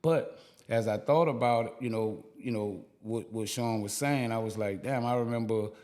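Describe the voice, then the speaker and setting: A man's voice: on the low side, normal speed, darkish tone. Rambling, reflective New Orleans man. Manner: reflective, rambling with many fillers. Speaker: podcast co-host. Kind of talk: casual chat.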